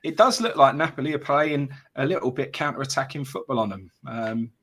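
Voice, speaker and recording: A man in his thirties co-hosts a live chat stream. He talks in loose, rambling stories, peppered with "um" and "mate", at an ordinary everyday pitch. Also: a little fast, fairly bright tone. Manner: rambling storyteller, fillers and "mate". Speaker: fan channel co-host.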